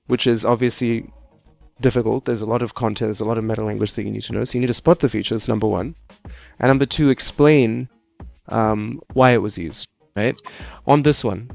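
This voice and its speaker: Young aussie guy tutoring on a video call, gravelly bit of fry, says "right?" constantly, dry sound, faint music behind. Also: medium pitch, darkish tone, dry recording. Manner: explanatory, tags most sentences with "right?". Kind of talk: casual one-on-one tutoring.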